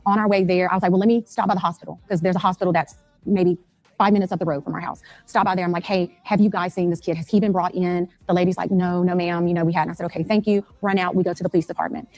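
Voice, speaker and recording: A mother speaking in an interview, rushing through her account and acting out the phone calls she made. Her voice sits a little low and sounds dry and close. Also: fairly even intonation, a little mellow, no room sound. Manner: rapid, anxious retelling, acting out phone calls. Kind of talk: recounting events in an interview.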